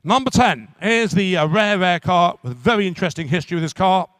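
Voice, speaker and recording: A man working as an auctioneer at a live car auction, calling bids in quick repetitive runs. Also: sits high, animated, fairly bright tone, dry recording. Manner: rapid repetitive bid calling.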